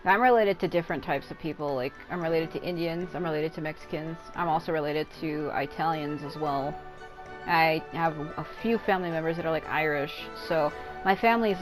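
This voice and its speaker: A tired woman chats through a gameplay session in a fairly low voice, rambling and reacting aloud as she goes. Her talk is loose and unpolished, with faint game music underneath. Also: low-quality recording. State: tired and worn out. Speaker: gameplay streamer. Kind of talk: casual gameplay commentary.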